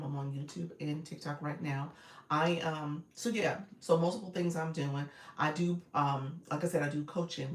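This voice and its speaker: A woman's voice: low voice, slight background noise. A woman, coaching casually on a live stream, reading viewer comments, laughing often and calling her audience y'all. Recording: roomy echo, a bit far from the mic.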